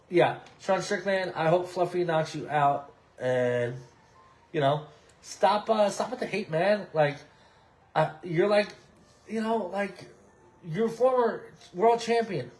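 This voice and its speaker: A man in his thirties hosting a podcast from his apartment, ranting in a heated, rambling way with lots of swearing and restarts. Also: a little high. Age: 30s. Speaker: podcast host. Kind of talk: casual opinion rant.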